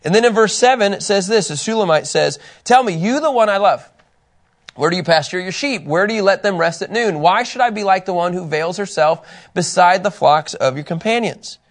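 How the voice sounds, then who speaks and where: A middle-aged man teaching a Bible class in a casual, animated way, telling personal stories and laughing at himself. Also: sits high, a little fast.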